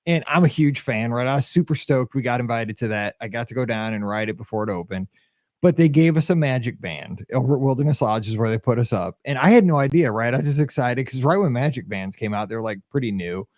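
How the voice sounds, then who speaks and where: A male podcast co-host tells stories with animation during casual chat, acting out quotes. His mid-range voice moves at a quick pace, and the sound is dry with no echo.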